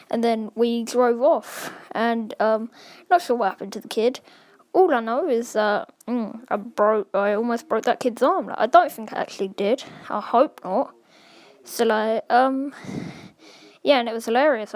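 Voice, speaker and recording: A woman's voice: fairly high pitch, no room sound. Rambling woman telling a story. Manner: rambling, full of "like" and "um" fillers. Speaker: vlogger. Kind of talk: casual storytime.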